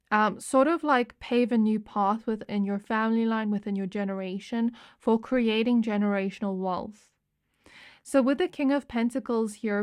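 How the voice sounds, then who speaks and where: A young woman doing a pick-a-card tarot reading. She talks in a loose, meandering way, circling back with "like" and restarting her sentences. Her voice sits at a mid pitch. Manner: chatty, meandering, fillers and restarts. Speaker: tarot reader.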